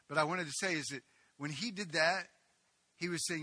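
Pastor guy preaching hard, super bright voice, dry close sound, lots of stammery restarts when he tells stories. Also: on the high side, fairly quick, no echo. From United States. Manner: impassioned preaching, swinging between loud proclaiming and quiet storytelling; animated storyteller with many restarts and stammers. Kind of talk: sermon.

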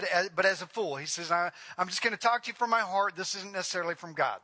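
A man's voice: sits high, quick pace, pushed and bright. A middle-aged male pastor preaching a sermon in a church, mixing joking asides with emphatic, rising preaching.

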